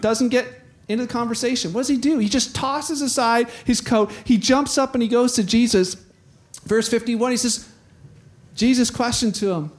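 A man's voice: very high voice, normal speed. A man preaching a sermon in a casual, conversational way, acting out scenes and voicing characters in dialogue. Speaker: pastor.

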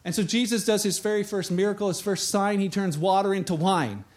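A pastor preaching a sermon, telling scripture stories in an animated way and acting out the voices of the people in them. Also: male voice, high-pitched, brisk.

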